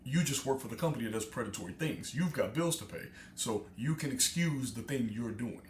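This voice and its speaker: A man's voice: medium pitch, expressive, fairly quick. A man hosting a reaction stream, rambling with many fillers and restarts. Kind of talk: casual rambling commentary. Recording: echoey room with faint noise.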